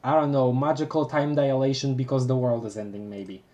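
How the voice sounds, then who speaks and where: Animated streamer reading a webcomic live. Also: mid-range voice, dull audio. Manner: animated, laughing often, quick self-corrections. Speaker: livestream host reading a webcomic aloud. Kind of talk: casual live-read commentary.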